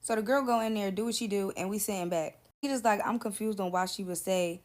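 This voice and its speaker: A woman's voice: medium pitch, steady tone, quick pace. Blunt, profane woman telling a story. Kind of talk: casual story time.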